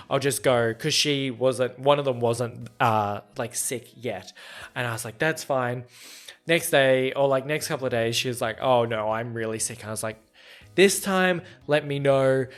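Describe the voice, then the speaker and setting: Chatting casually, a young man hosting a podcast spins a meandering story at his own expense, voicing both people in each conversation. His voice is medium-pitched with a fairly bright tone.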